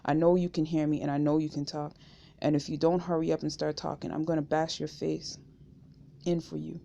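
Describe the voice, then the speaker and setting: A woman's voice: deep voice, little pitch movement, a little fast, vocal fry, dark tone, dull audio. A woman reading the lines of a menacing male state trooper, blunt and threatening.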